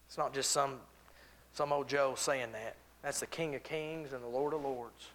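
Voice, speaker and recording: A man's voice: medium pitch, fairly even intonation, normal speed, fairly bright tone. A man preaching a sermon in church, reading King James scripture aloud and repeating phrases for emphasis, then leading a prayer. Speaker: visiting preacher. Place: church service.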